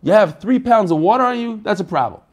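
A man's voice: high voice, animated, quick pace. A man teaching an online Talmud class in a casual, chatty way, asking questions and answering them himself.

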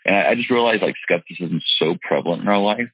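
A man's voice: low-pitched, lively intonation, fast, husky, dry recording, muffled recording. A man telling his personal story in an interview in an earnest, emphatic way, restarting often as he goes. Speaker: real estate investor and seminar teacher.

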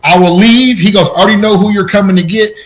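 A man telling personal stories on a podcast in an animated way, his voice jumping up at tense moments, with frequent restarts. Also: high-pitched, quick pace, low-quality recording. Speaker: podcast guest. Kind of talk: personal storytelling.

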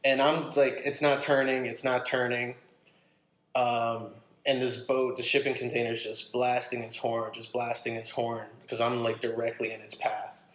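A man casually telling a long personal story, animated and acting out what people said. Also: mid-range voice, moderate pace, few pauses. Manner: animated, acts out his own quotes. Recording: roomy echo.

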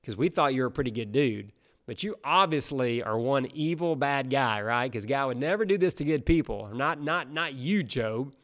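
A man's voice: medium pitch, animated, moderate pace, a bit bright. A man voicing Job's friends as blunt, scornful men accusing him in a sermon retelling. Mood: mocking. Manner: blunt, mocking.

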